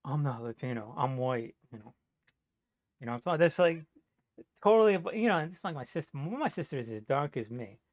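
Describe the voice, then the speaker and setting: A man's voice: on the high side, sing-song, quick pace, pauses often, dry recording. A man from New Jersey telling a rambling, profane story in a casual monologue, full of "you know" fillers. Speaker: vlogger.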